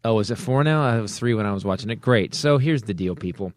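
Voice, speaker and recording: A man's voice: fairly low pitch, expressive, fast, no room sound, clean studio sound. A man hosting a comedy podcast, ranting in a profane, fired-up way between casual banter. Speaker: podcast host. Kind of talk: comedic political rant and casual chat.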